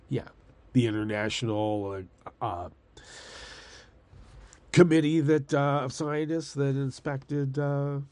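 A man's voice: mid-range voice, a little mellow. An older man ranting in a casual monologue, sarcastic and rambling, swearing and laughing at his own jokes. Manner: profane and angry.

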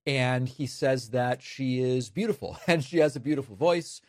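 A man's voice: mid-range voice, normal speed, a little mellow, no echo, clean studio sound. A man hosting political commentary, emphatic and incredulous, with a sarcastic edge. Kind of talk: casual spoken commentary.

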